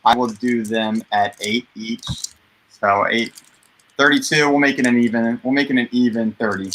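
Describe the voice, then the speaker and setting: A man co-hosting a live comic sale, quoting prices in a plain, steady way. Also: medium pitch, normal speed, a little hiss or hum, rough recording. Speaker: co-host. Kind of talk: live sales pitch.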